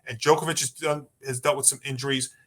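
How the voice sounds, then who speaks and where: A man's voice: medium pitch, flat delivery, fast, a bit bright. A man co-hosting a sports podcast, chatty and rambling through his points. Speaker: podcast co-host. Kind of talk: casual sports talk.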